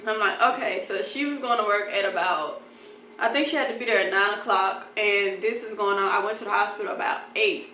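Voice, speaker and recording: A young woman telling a casual, animated storytime and acting out the people she quotes. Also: medium pitch, a little fast, reverberant, far from the mic, a little hiss or hum, poor audio. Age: young adult. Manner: animated, acts out voices in quotes, laughs often. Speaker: vlogger.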